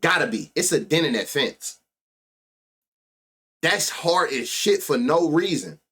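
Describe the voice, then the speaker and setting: A man's voice: a little high, expressive, measured pace, bright, forceful tone, breathy edge. A man hosting a live sports-betting stream, chatting casually with lots of slang and profanity, laughing often and muttering stats under his breath. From United States. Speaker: sports betting show host.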